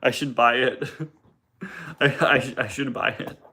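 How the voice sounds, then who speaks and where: A man's voice: mid-range voice, steady tone, unhurried, sharp tone, husky. A young man hosting a casual live question-and-answer stream from home, joking and tripping over his words, talking into a phone on a tripod. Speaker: livestream host.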